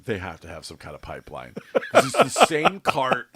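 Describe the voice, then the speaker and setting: A man in casual podcast chat, telling a story in an animated, profane way and acting out the people in it. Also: mid-range voice, moderate pace, a little hiss or hum. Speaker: podcast host.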